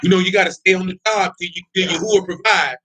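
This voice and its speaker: A man's voice: high-pitched, fast talker, pushed and bright. A male preacher giving a fiery sermon in blunt, confrontational street talk, prodding listeners with repeated questions and laughing between points. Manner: blunt, confrontational, repeats "you know what I'm talking about".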